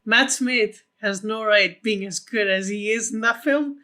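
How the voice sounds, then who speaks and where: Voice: medium pitch, unhurried, sharp tone. A co-host on a casual film podcast, talking with blunt enthusiasm and some swearing.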